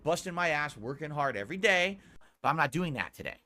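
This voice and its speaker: Blunt, laid-back male streamer, bright tone. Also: very animated, a little fast. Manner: laid back, talking lower than usual; blunt and profane when scolding chat. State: sore throat. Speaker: live streamer. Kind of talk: casual stream talk to chat.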